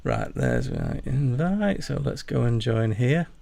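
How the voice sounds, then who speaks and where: A man from Yorkshire, England, with a Yorkshire accent, hosts a casual gaming livestream, chatty and jokey as he rambles to his chat. His medium-pitched voice is gravelly and dark, slow-paced, with wildly swooping pitch.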